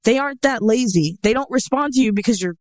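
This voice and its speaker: A woman's voice: a little high, quick pace, darkish tone, no room sound. A young woman co-hosting a dating advice show, talking in a blunt, sarcastic way and swearing freely. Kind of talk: casual chat.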